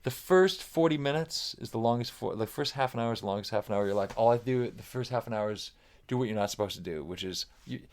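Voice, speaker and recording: A man's voice: mid-range voice, quick pace, darkish tone. A middle-aged man chatting as a podcast guest, rambling and cursing freely while telling self-deprecating stories. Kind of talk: casual chat.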